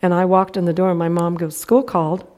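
A woman's voice: lowish voice, monotone, fast talker, darkish tone. A middle-aged woman preaching a sermon, telling a personal story in a folksy way and acting out the other people's lines. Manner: folksy storytelling, acts out quotes.

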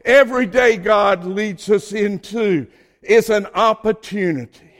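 High-voiced Southern preacher man. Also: fairly bright tone. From Southern United States. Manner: fervent, folksy preaching with emphatic drawn-out peaks. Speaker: pastor. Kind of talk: sermon.

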